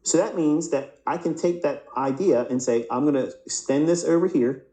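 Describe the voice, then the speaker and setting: A man with a mellow, low-brightness voice gives a live trading lesson over price charts. He asks himself questions and answers them, and often stumbles over repeated words. The sound is roomy and echoing. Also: normal speed. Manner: repeats words, restarts mid-sentence. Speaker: trading instructor.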